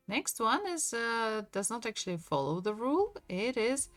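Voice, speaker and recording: A woman teaching a language lesson, patiently repeating each word slowly for her students. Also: a little high, very animated, fairly bright tone, dry recording, faint music behind.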